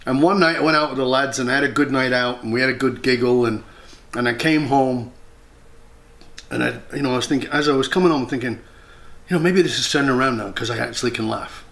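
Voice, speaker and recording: A man's voice: mid-range voice, quick pace, fairly bright tone. A man as an interview guest and leadership mentor, telling a personal story in a candid, reflective and earnest way, with blunt swearing now and then. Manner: often acts out his own past words.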